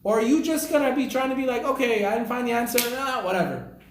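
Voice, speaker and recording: A man doing a wise old rabbi who probes and challenges with a lively, rising voice. The sound carries a roomy echo. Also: extremely high pitch, quick pace, voice pushed up. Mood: earnest. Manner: earnest, probing. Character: wise old male rabbi seeking a groom. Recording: echoey room.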